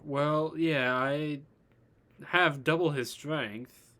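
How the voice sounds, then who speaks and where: A man's voice: a little high, steady tone, extremely slow, pushed and bright, exaggerated voice. A man voicing an earnest, slightly hesitant young male hero in training in a read-aloud fan story.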